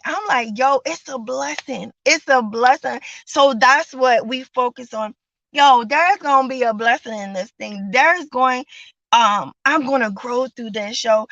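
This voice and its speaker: A woman's voice: on the high side, sharp tone, dry recording, dull audio. A woman hosting a daily devotional livestream, talking in a chatty, encouraging way with lots of fillers and casual slang. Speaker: host of a daily devotional show.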